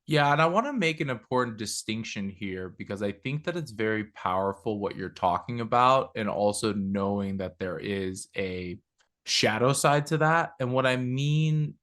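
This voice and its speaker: A man's voice: fairly low pitch, fairly bright tone. Emphatic man co-hosting a podcast. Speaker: podcast co-host. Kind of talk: conversational talk.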